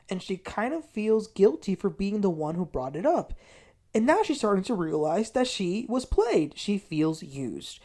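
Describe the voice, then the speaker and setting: A woman hosting a casual TV recap, telling the story in an animated way. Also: medium pitch. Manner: animated storytelling, quotes people in a raised voice. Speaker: TV recap host.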